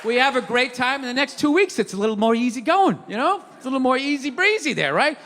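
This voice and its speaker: A man doing a stand-up rant on stage with a handheld mic, shouting in a profane, exasperated way. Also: very high-pitched, big pitch swings, fast. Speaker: stand-up comedian. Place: theater stage before an audience. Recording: hall reverb, faint audience and noise.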